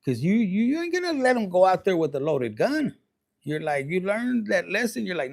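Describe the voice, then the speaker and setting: Creaky bawdy tarot reader man. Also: sits high, very animated, fairly quick. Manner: rambling, bawdy, joking, drops into Spanish. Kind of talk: casual tarot reading to camera.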